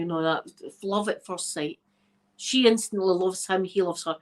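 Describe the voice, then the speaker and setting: A woman's voice: lowish voice, steady tone, unhurried. A Scottish woman, an ASMR creator, chatting casually to her viewers as she tells a story, laughing often and checking in with "right?". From Scotland.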